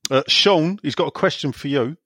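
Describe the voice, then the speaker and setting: A man's voice: on the high side, moderate pace, fairly bright tone, husky, no echo. A man hosting a casual podcast, joking around and reading listener questions aloud. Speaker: podcast host.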